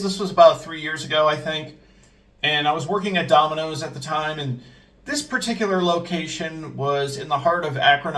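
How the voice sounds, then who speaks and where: A man's voice: a little high, a bit bright. A young man telling personal stories casually, hesitant and full of fillers. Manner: hesitant, many fillers and restarts. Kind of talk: casual spoken storytelling. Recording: roomy sound from distance from the mic.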